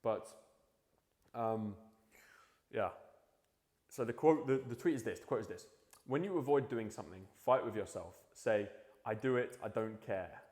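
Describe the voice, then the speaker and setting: At home at night, a young vlogger delivers a loose motivational talk to camera, animated but measured, pausing often, his voice fairly low and a little mellow. He swears freely, keeps restarting sentences, and mumbles while hunting for a quote, with long reverb from an echoey room.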